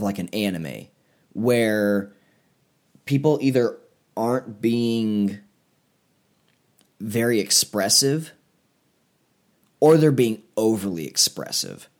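A man's voice: on the low side, unhurried, pauses often. Rambling man in casual chat. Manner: rambling, filler-heavy, animated when mocking. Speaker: podcast co-host.

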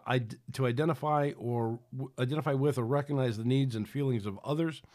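A man's voice: mid-range voice, darkish tone. Rambling male podcast preacher. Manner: rambling, with frequent restarts and acted-out quotes. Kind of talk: sermon-style podcast talk.

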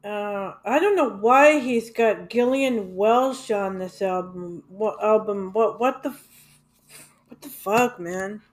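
Woman, unhurried rambling music vlogger, filler-heavy and blunt. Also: mid-range voice. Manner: rambling, hesitant, many fillers and restarts; blunt, swears casually. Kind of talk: casual rambling monologue.

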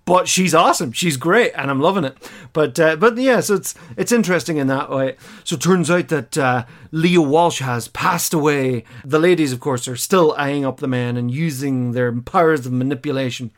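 A man's voice: fairly high pitch, moderate pace. A man co-hosting a podcast, casually recapping an episode, chatty and hesitant with many fillers. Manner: chatty and hesitant, lots of fillers, laughs as he talks. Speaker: podcast co-host watching a classic series for the first time.

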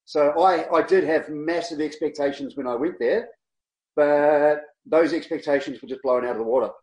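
Lively New man in a roomy space. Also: on the high side, normal speed. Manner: animated, laughs often, acts out people in his stories. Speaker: guest, long-distance cyclist. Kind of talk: casual storytelling interview. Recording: roomy echo.

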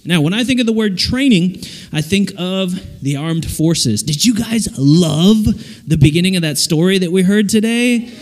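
Animated man preaching in a big hall. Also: sits high, moderate pace, faint music behind. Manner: animated, jokey, acts out little voices. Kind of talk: lively sermon to a youth audience. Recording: long hall reverb.

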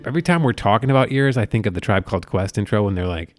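A man co-hosting a podcast in casual chat, rambling from topic to topic and dropping into quick impressions. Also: lowish voice, animated, faint music behind. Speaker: podcast co-host.

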